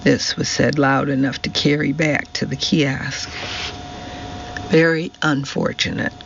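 Man, audiobook narrator, gravelly, very slow, muffled recording. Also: mid-range voice, little pitch movement, fairly bright tone. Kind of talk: scripted narration. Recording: dull recording with faint hiss.

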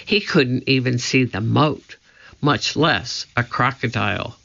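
A man reads a children's storybook aloud, slow and measured, building suspense. His voice is bright with a gravelly grain, and the recording sounds dull and lo-fi. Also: mid-range voice. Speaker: audiobook narrator. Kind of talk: storybook narration.

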